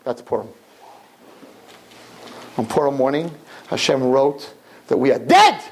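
A man giving an impassioned sermon to girls, swinging from low murmurs to high shouts and acting out dialogue. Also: wildly swooping pitch, a little slow, breathy edge, poor audio. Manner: acts out dialogue in character voices. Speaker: religious teacher.

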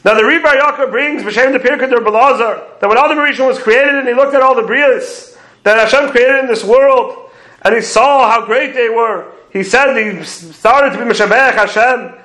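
High-voiced man teaching prayer commentary. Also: normal speed, bright, forceful tone, roomy sound, poor audio. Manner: explains commentaries step by step, quoting Hebrew phrases. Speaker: Torah teacher.

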